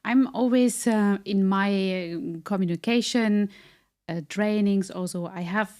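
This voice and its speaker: A woman hosting an interview, speaking as a with many fillers and pauses. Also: medium pitch, darkish tone. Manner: hesitant, many fillers, nonnative phrasing. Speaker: interview host, communication trainer. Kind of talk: podcast interview.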